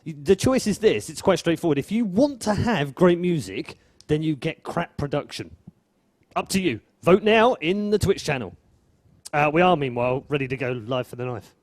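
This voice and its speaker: A man's voice: a little high, expressive, moderate pace, no echo. A man giving esports play-by-play commentary, wry and bantering.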